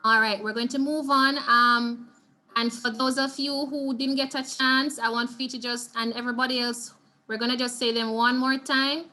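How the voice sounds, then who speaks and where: A woman's voice: on the high side, fairly even intonation, moderate pace, sharp tone. A woman with a Jamaican accent teaching an online Spanish revision lesson, encouraging and repeating words for students to drill. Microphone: video call.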